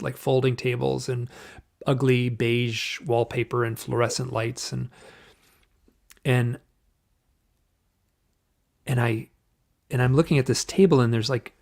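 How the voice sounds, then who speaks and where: A man telling a personal story in an interview, halting and restarting often, acting out the voices of the people he quotes. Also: mid-range voice, vocal fry. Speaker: guest.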